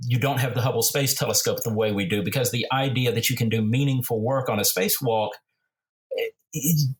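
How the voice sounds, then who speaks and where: A man's voice: medium pitch, a little fast. A man being interviewed as a book's author, rambling through stories with many restarts and fillers. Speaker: author and podcast guest. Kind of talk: casual interview talk.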